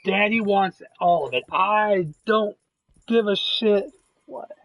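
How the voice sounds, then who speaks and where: A man's voice: high-pitched, slow pace, fairly bright tone, rough recording. A man casually talking while playing a game, earnest and reassuring, with plenty of swearing. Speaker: gameplay video creator.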